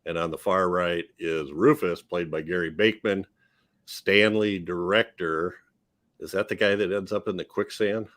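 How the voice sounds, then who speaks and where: Low-voiced male host, loose rambling delivery, lots of "um". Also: fairly even intonation, normal speed, fairly bright tone. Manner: rambling, hesitant with fillers. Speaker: podcast host. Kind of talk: casual film-review chat.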